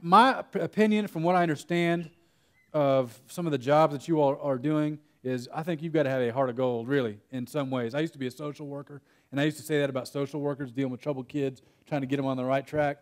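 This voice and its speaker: A young Texan workshop speaker gives a conference breakout talk in a conference room, chatty and full of stories, laughing and breaking off his own sentences now and then. His voice is fairly high and fairly even, and he talks fast.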